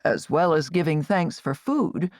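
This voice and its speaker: A woman voicing a solemn Amish father, speaking low and grave. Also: animated, measured pace, a little mellow, no room sound, clean studio sound. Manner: grave, lowered voice.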